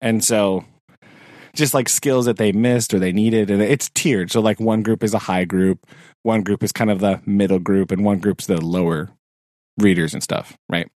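Low-voiced laid-back male teacher. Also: steady tone, moderate pace, a little mellow, no echo, clean studio sound. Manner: laughs often, rambling with fillers. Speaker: podcast co-host; sixth grade teacher. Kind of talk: casual chat.

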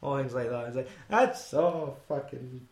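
A Scottish man talking loosely about a film, with rambling, sweary asides and frequent laughter. His voice sits at a middling pitch. It carries a noticeable room echo. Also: measured pace, darkish tone, a little hiss or hum. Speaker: podcast co-host. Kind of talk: casual film chat.

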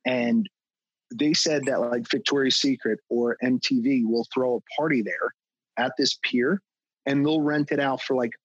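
A man's voice: medium pitch, measured pace, breathy edge, no echo, highs cut off. A man talking as a podcast guest, a fitness trainer who rants bluntly and swears a lot in casual chat. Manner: blunt and profane, ranting.

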